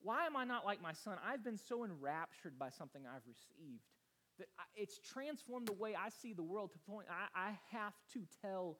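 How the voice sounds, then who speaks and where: A man's voice: high-pitched, expressive, moderate pace, bright, forceful tone. A man in his thirties, a pastor, preaching an earnest, rambling sermon told through family stories. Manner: earnest, rambling storytelling with restarts.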